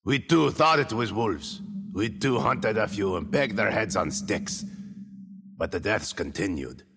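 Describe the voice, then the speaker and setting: A brooding old blacksmith, voiced by a man, speaks low and gravelly. His telling swings widely in pitch with forceful, grim emphasis. A long hall reverb trails every line. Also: animated, a little slow. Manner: grim, emphatic storytelling with sudden shouts. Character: gruff old male village blacksmith, brooding.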